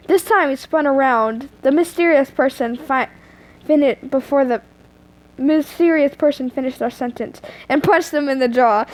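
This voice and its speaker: A teenage girl reads fanfiction aloud into an earphone mic at home. Her voice is high, and she keeps breaking off for giggly, self-mocking, chatty asides. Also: measured pace. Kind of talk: reading fanfiction aloud with commentary.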